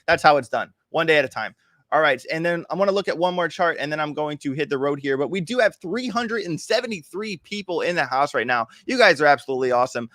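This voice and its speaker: A man's voice: on the high side, fairly bright tone, no room sound, clean studio sound. A man hosting a casual crypto trading livestream, walking viewers through charts in a chatty, hyped, joking way. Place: home, in Miami.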